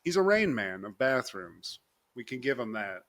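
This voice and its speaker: A man's voice: mid-range voice, normal speed, dry recording. A man co-hosting a podcast, recapping a sitcom episode in loose, profane chat and laughing often. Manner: animated, profane, laughs often, keeps addressing his co-host. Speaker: podcast co-host.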